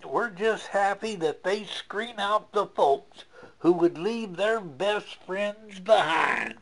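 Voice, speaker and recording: A man voicing a relaxed, friendly man leaning against a tree, with a gravelly voice. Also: high voice, slow pace, full character voice, rough recording. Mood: easygoing.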